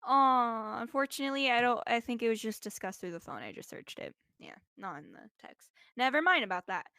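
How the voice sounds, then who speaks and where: A woman's voice: a little high, big pitch swings, a little fast, bright, forceful tone, dry recording. Young woman, casual interviewee, rambly with constant "like", laptop mic, dry sound. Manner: rambling, heavy use of "like". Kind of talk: casual chat. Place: indoors while traveling.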